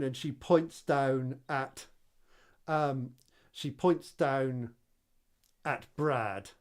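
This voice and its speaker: A woman running a tabletop game as game master, unhurried and laughing often. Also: rumbling low.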